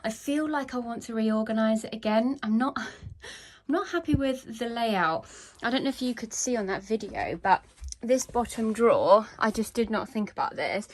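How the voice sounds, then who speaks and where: A woman's voice: a little high, lively intonation, normal speed. A young woman chatting casually in her home vlog, rambling a little and laughing often as she tidies, filmed on a handheld phone. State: out of breath. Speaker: vlogger. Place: home, walking between rooms. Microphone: handheld phone camera.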